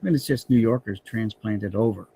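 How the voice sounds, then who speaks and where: A man's voice: fairly low pitch, fairly quick, mellow, a little hiss or hum. A man hosting a casual stream chat, telling rambling stories with many restarts.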